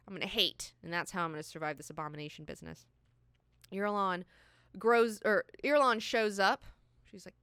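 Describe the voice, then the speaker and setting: A woman hosting a book club, recapping chapters in a profane, animated way and paraphrasing characters in slang. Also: medium pitch, brisk, clean tone, dry recording, studio quality.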